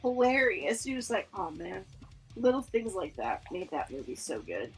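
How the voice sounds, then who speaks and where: A woman's voice: medium pitch, moderate pace, husky, faint music behind. A woman co-hosting a podcast, chatting casually and acting out movie scenes with lots of laughter. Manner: animated, laughing storyteller who acts out movie scenes. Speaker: podcast co-host. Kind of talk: casual chat.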